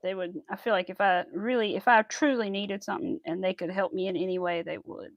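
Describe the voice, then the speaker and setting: A woman's voice: medium pitch, fairly even intonation, a little fast, no room sound, highs cut off. A young woman chatting casually while she crafts, exclaiming often and saying y'all. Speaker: crafting vlogger.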